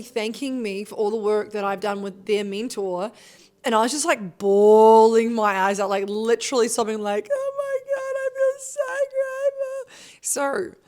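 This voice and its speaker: A thirty-year-old woman, a business coach giving a motivational monologue, emphatic and swearing often. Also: on the high side.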